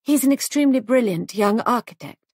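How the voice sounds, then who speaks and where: A woman voicing an anxious young wife who runs a guest house, raising her voice higher and speaking in a worried, plaintive way. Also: animated, brisk, a little mellow, dry recording, studio quality. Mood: defensive.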